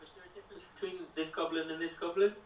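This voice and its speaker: Quiet, hesitant man far from the mic. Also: a little high, fairly even intonation, racing, slight background noise. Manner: soft-spoken, hesitant, quiet. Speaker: player. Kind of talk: casual tabletop play. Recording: echoey, distant, with music behind.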